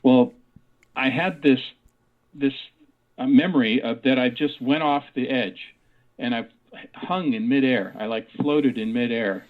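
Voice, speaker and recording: A man's voice: medium pitch, unhurried, pauses often. A man in his sixties telling a personal story as an interview guest, rambling with many fillers and restarts. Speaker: guest, author and parapsychologist. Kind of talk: casual storytelling in a radio interview. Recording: tinny phone line.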